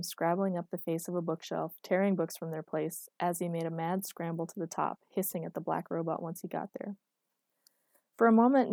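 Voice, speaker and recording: A woman narrating a story in an even, measured reading voice. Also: fairly low pitch, dry recording.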